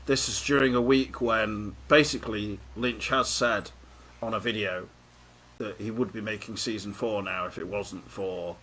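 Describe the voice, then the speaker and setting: A man in casual chat, rambling and halting as he talks. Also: on the low side, steady tone, fairly bright tone, a little hiss or hum. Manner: rambling, halting with fillers and restarts.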